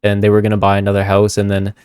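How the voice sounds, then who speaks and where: A young man telling a story to camera in a casual vlog, animated, swearing freely and talking straight to his viewers. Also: fairly low pitch, rapid-fire, clear, resonant tone, dry recording, studio quality. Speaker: spiritual content creator.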